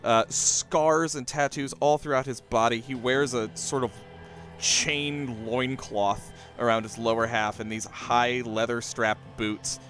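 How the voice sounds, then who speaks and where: Unhurried man narrating as game master. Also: medium pitch, steady tone, fairly bright tone, faint music behind. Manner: unhurried, descriptive narration with fillers.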